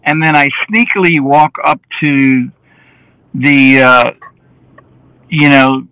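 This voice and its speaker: A man, a film director, telling lively anecdotes as an interview guest and often acting out the dialogue he quotes. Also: medium pitch, slow, smooth, no room sound, low-quality recording. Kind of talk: casual interview storytelling.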